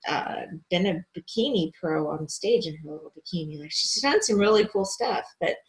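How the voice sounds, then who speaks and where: A woman hosts an online gathering in a loose, chatty manner. She pauses often and fills the gaps with little hesitations. Her voice sits a little low. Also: expressive, rough recording. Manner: chatty, hesitant, many fillers. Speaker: host. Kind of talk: casual online group chat.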